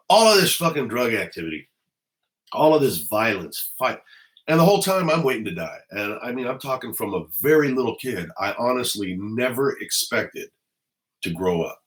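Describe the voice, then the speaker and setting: A middle-aged man from the Los Angeles area, speaking in a deep, low register. He is a former police officer telling stories to the camera from home, and his talk is blunt and full of swearing. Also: a bit bright, rough recording. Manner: blunt and heavily profane. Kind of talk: casual storytelling to camera. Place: at home indoors.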